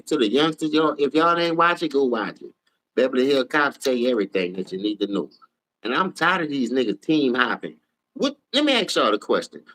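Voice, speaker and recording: A man hosts a live sports talk stream. He trash-talks players in a heated, profane rant. His delivery swings from low, muttered asides to high, shouted outbursts. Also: rough recording. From New Orleans. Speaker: sports talk show host.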